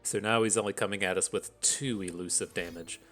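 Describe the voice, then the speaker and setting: A man with a fairly low voice talks through his card game in a casual, thinking-aloud way. He weighs each play analytically and with a wry edge. Faint music plays underneath. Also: steady tone, a little fast, a bit bright. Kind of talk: casual gameplay commentary.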